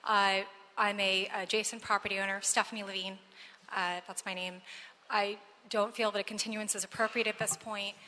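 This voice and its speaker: A woman's voice: medium pitch, level tone, normal speed, sharp tone. A woman speaking as an adjacent property owner, firmly and directly opposing a delay at a public hearing. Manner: firm, direct. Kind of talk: public comment. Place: council chamber. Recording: echoey hall.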